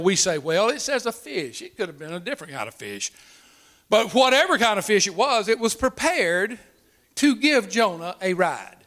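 A man preaching a folksy, animated sermon, often repeating words and laughing. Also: sits high.

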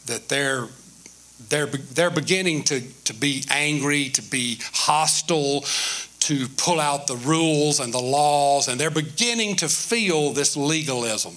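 A man's voice: a little high, measured pace, fairly bright tone. A male pastor preaching a sermon in a church, telling the story animatedly with many repetitions and restarts.

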